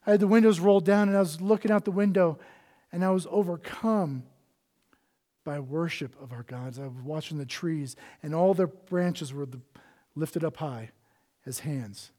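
A male pastor preaching a sermon with earnest passion, swinging between loud emphasis and hushed, near-whispered lines. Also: a little high, normal speed.

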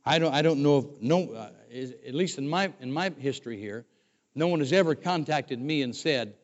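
A man's voice: medium pitch, lively intonation, moderate pace. An older man preaching a sermon as a former pastor, conversational and often restarting his words. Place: church sanctuary. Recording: dull recording with long hall reverb.

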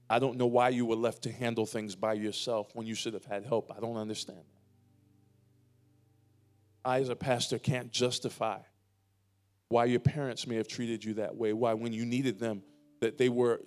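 A man pastor preaching a sermon in a church, building to emphatic, louder lines and dropping to quiet, drawn-out pleas. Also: medium pitch. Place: church sanctuary.

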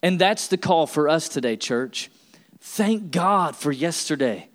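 A man's voice: animated, measured pace. Emphatic preacher man. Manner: emphatic, rising to a preaching pitch with repeated refrains. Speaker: pastor. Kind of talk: sermon.

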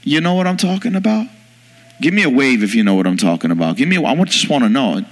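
A man preaching a sermon to his church as pastor, emphatic and rising in pitch as he presses his points. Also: sing-song, quick pace. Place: church sanctuary. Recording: long reverb of a large hall.

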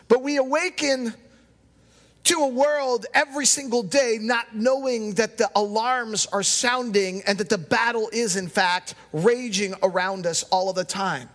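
A man preaching a sermon as pastor, telling stories with dramatic pauses. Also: sits high, a bit bright. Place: church sanctuary. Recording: long hall reverb.

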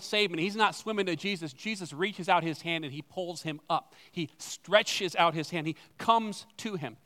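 A male pastor with a notably high voice preaches a sermon in a church sanctuary. He talks conversationally, tossing out rhetorical questions and poking fun at himself. His words ring out with a long reverb. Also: a bit bright. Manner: conversational, with rhetorical questions and self-deprecating asides.

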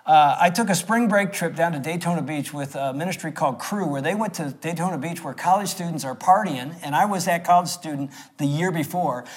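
A man in his sixties preaching through a personal story, acting it out with swings from loud to hushed. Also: fairly high pitch, fairly quick, few pauses. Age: 60s. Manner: animated, acts out the scenes with swings between loud and hushed. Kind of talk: storytelling sermon.

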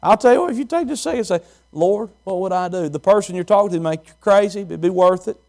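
A man's voice: high-pitched, sing-song, very fast, gravelly, a little mellow. A man preaching a sermon as pastor, repeating phrases and asking the congregation questions.

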